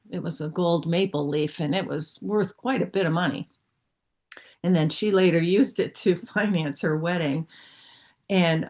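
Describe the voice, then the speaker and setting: Earnest middle-aged woman telling her story. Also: on the low side. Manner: earnest, halting storyteller with restarts. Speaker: guest speaker sharing testimony. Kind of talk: personal testimony in an online group. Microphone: video call.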